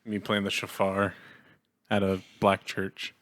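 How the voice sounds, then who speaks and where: A young man co-hosting a podcast, talking in relaxed, joking banter. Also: sits low, takes it slowly. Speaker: podcast co-host. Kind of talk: casual chat.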